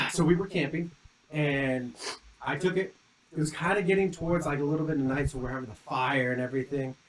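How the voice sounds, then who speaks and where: A man's voice: on the high side, a little fast, poor audio. A young man casually telling a long story on a podcast, rambling with many "like" fillers and acting out quotes. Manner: rambling, lots of "like" fillers, lively re-enacted quotes. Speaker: podcast co-host.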